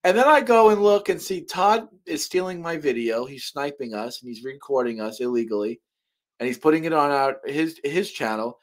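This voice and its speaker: A man's voice: fairly high pitch, normal speed. A middle-aged man hosting a live stream in heated casual chat, rambling with many restarts and swearing when angry. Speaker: show host. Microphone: webcam mic on a live stream.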